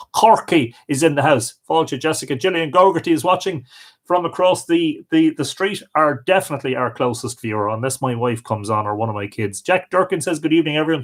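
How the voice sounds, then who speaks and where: A man's voice: fairly high pitch, animated, brisk. A middle-aged Irish man hosting a live stream, reading out viewers' comments and greeting each of them by name. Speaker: host.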